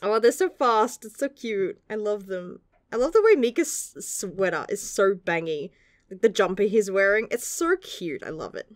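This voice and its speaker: A woman's voice: mid-range voice, animated, normal speed, no echo, clean studio sound. A young woman gushing through a casual manga chapter review, laughing often and swearing casually.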